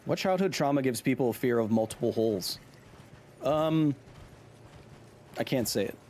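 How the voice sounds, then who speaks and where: Playful streamer man, lively pitch. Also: normal speed, a little hiss or hum. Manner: playful, jokey, chatting with viewers. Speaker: gaming streamer and host. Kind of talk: live game stream commentary.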